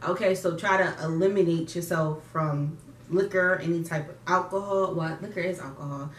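A woman's voice: fairly low pitch, normal speed. A woman chatting playfully with her best friend on a vlog, laughing often. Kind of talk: casual chat with a friend. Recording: echoey room, mic at a distance, faint noise.

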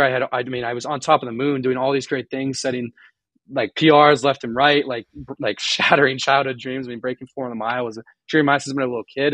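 A young man giving a candid podcast interview, rambling and halting with many restarts, earnest and openly emotional. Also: mid-range voice, fairly bright tone, no echo. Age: young adult. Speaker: guest college runner.

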